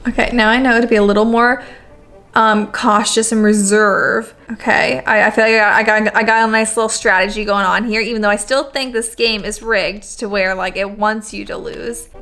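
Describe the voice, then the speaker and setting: A young woman playing a horror game on her channel, excitable and swearing, repeating herself in panic. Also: medium pitch, normal speed. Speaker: gaming YouTuber. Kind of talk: horror game let's play commentary.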